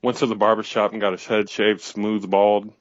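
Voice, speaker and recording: A man's voice: on the low side, little pitch movement, moderate pace, dry recording, highs cut off. A man co-hosting a comedy talk show, chiming in casually with extra details in a laid-back way.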